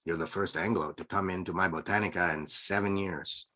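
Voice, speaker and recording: A grave old Mexican oracle-priest with a rich, very deep voice, as a man puts him on. He speaks in a Mexican accent, slow and matter-of-fact, each word weighted with knowing calm, in a spoken storybook reading.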